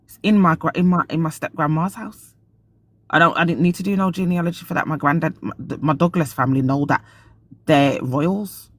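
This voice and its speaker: High-pitched man retelling an argument. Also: fairly quick, no room sound. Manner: animated storyteller, retells arguments. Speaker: podcast host. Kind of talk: casual live-stream chat.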